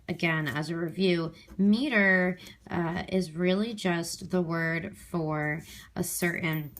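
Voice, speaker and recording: A woman's voice: fairly low pitch, a bit bright, slight background noise. A woman teacher giving a recorded review lesson, explaining step by step with frequent fillers and "okay?" check-ins.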